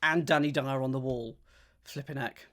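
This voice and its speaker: A man solving a crossword live, talking casually to his viewers. He thinks out loud in a middling voice and drags the clue words out slowly as he reads them. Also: mid-range voice, fairly even intonation.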